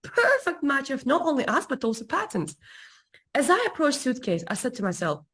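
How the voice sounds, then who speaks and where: A woman coach recounting a personal story to an interviewer with expressive, emphatic repetition. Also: high-pitched, moderate pace. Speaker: guest relationship coach.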